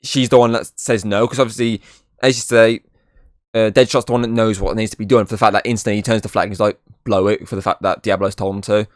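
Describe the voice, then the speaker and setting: Rambling low-voiced male podcast host. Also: little pitch movement, quick pace, dry recording, studio quality. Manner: rambling, leans on "obviously" and restarts. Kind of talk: casual film review chat.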